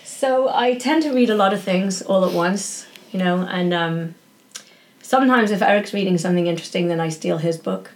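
A woman from Yorkshire, England, speaks at normal speed in a lowish voice as a guest on a podcast. Her casual interview chat is peppered with "you know," "um," and restarts.

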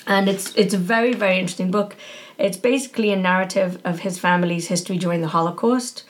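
A woman's voice: lowish voice, fast talker. Guest: woman from Yorkshire, chatty, loose and meandering, fond of fillers. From Yorkshire, England. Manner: chatty, many fillers and restarts. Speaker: podcast guest. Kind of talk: casual interview chat.

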